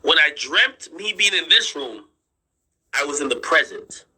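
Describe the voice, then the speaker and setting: A man with a sharp, husky voice, insistent. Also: fairly high pitch, animated, measured pace, low-quality recording. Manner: insistent, repeats himself, swears freely; draws on screen while explaining. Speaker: streamer and commentator. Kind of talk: casual storytelling to viewers.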